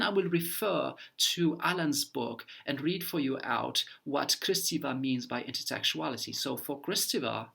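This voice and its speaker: Gravelly, husky-voiced male lecturer. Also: fairly high pitch, pushed and bright. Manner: measured, explaining step by step with examples; occasional stumbling repeats and fillers. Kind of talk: explanatory online lecture.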